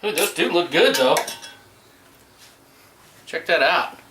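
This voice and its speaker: Middle-aged man, bright voice, chatty backyard cooking vlog, roomy sound from a distance. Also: fairly high pitch, lively intonation, takes it slowly. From US Gulf Coast. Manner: laid-back, chatty, talks to viewers while cooking. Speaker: home cook vlogger. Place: outdoors at a backyard grill. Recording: roomy sound from a distance, faint background noise.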